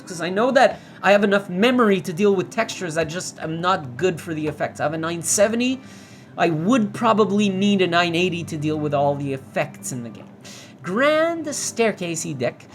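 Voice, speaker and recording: A man's voice: high voice, expressive, normal speed, faint music behind. A man giving casual first-impressions commentary as a gamer on a VR demo, rambling, restarting and swearing.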